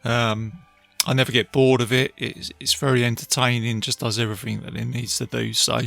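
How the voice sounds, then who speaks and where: A man's voice: mid-range voice, flat delivery, a little fast, gravelly, fairly bright tone, no echo. A man hosting a casual solo podcast, retelling film scenes. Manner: chatty, retelling scenes with many fillers. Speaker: podcast host, film reviewer. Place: beach outdoors.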